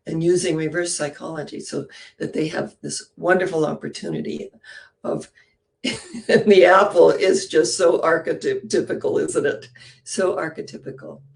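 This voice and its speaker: A woman minister giving a sermon, telling a story with lively rhetorical questions and sudden drops to a hushed, breathy near-whisper. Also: low-pitched, normal speed.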